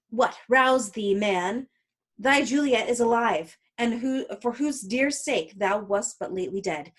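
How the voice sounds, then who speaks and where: A woman reading aloud as a stern, lecturing older male friar in a casual play reading, with an emphatic, scolding delivery. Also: on the high side.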